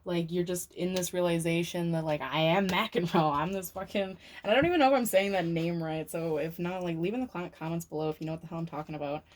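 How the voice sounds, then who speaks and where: Low-voiced woman giving a rambling tarot reading. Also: quick pace, hardly any pauses, a little mellow. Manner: rambling, filler-heavy, swears casually. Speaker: tarot reader. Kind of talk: casual tarot reading to camera.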